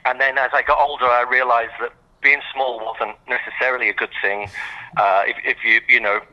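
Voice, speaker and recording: A man's voice: mid-range voice, little pitch movement, a little fast, highs cut off. A man with an English accent, a podcast guest chatting casually with hesitant, understated dry humor. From England.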